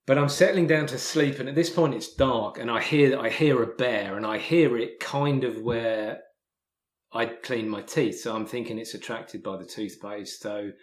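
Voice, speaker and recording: English man telling a story in a roomy room. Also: medium pitch. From England. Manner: halting, with many restarts and repeated words. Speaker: podcast guest, hiker and author. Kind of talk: casual spoken storytelling.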